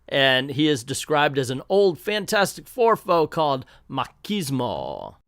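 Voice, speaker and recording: A man's voice: on the high side, fairly bright tone, clean tone, no room sound, studio quality. Sarcastic man reviewing comics. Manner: sarcastic, exasperated. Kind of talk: casual commentary vlog.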